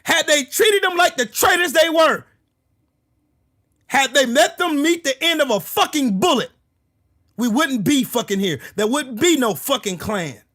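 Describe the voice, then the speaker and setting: A man hosting his own channel, delivering a heated, profane political rant that bursts into shouting. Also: extremely high pitch, lively intonation, unhurried. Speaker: political commentary channel host.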